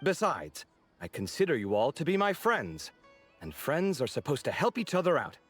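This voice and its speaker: An actor voicing a proud, fussy young architect in a video game, expressive and given to exasperated sarcasm. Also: male voice, on the high side, normal speed, slightly rough, faint music behind, full character voice. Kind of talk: game voice acting.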